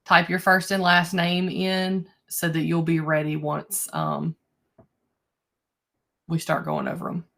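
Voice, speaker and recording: Teacher lady on a video call, kinda low voice, laid back and chatty. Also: gravelly. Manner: relaxed, chatty, with slow stretched prompts. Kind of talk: online class instructions. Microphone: computer mic on a video call.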